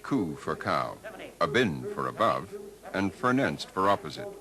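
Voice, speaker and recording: A man giving scripted narration for a documentary in a measured, expressive way. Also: sits low, music in the background, rough recording. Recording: archival 1980s documentary with noise.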